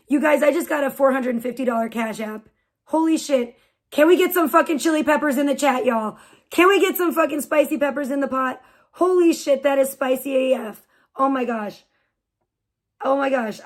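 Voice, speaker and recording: A young adult woman hosting a casual livestream, excitable and swearing a lot, with a sore throat. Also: fairly high pitch. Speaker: livestream host.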